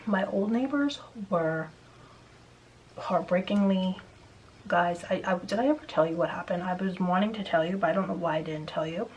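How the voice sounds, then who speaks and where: A woman's voice: fairly low pitch, moderate pace, darkish tone, muffled recording, a little hiss or hum. A woman vlogger telling a neighbor story in casual, rambling chat, venting with frequent restarts.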